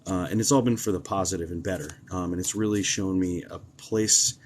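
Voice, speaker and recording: A man with a notably low-pitched voice talks to his live-stream viewers in an easygoing, rambling way. He leans on fillers like um and uh as he tells stories as a psychic medium. His delivery is conversational and unscripted. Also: fairly quick, a little hiss or hum. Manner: chatty, relaxed, many ums and uhs. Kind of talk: casual live-stream chat and storytelling.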